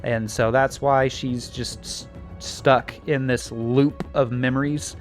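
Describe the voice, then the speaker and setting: A man telling a show's plot in a casual recap, animated, with many fillers and restarts, acting out the scenes. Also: mid-range voice, slow, soft background music. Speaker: show recap host.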